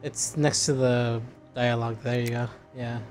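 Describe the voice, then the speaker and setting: A woman's voice: rumbling low, fairly even intonation, moderate pace, darkish tone, soft background music. A woman co-hosting a casual game stream, teasing and giggly. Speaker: stream co-host.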